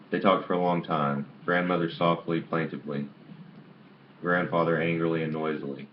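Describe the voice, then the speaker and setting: A man's voice: extremely low pitch, flat delivery, moderate pace. A man reading a novel aloud in an amateur way, stumbling and restarting on some words, on a dull lo-fi recording with faint hiss. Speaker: audiobook reader.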